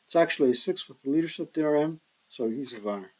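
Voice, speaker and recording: A tired man thinking aloud in a slow mutter as he plays a board wargame solo, counting hexes and working out dice rolls. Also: on the high side, lively intonation, a little mellow, poor audio. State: tired, yawning.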